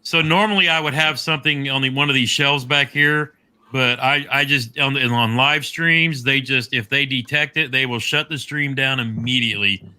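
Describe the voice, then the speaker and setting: A middle-aged man hosting a casual live stream chat, easygoing and halting, chuckling now and then. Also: medium pitch, pushed and bright, clear, resonant tone.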